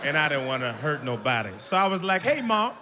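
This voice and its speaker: A young man telling a stand-up comedy story on stage, animated and acting out the people in it with big, high outbursts. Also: fast, big-room sound, noisy background. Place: comedy stage before a live audience.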